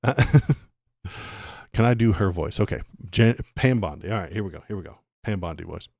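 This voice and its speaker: A man's voice: deep voice, normal speed, vocal fry, a little mellow, dry recording, clean studio sound. A man hosting a political livestream, ranting sarcastically, laughing and talking to his chat. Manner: ranty, sarcastic, laughs often, talks to chat.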